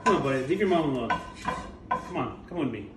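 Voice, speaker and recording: A man's voice: mid-range voice, animated, brisk, natural voice. A man voicing a short-tempered father cat, scolding and impatient. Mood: irritated. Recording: echoey room, distant mic, clear hiss.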